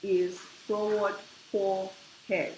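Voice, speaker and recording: A woman co-pastor adding soft, slow remarks during a marriage sermon. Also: medium pitch, flat delivery. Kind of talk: sermon co-presenter. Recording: echoey room with faint hiss.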